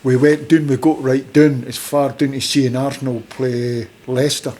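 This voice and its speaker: A man's voice: medium pitch, level tone, normal speed, mellow, slight background noise. A middle-aged Scottish man, a former footballer and manager, telling rambling anecdotes in a casual interview and acting out the people he quotes. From Scotland.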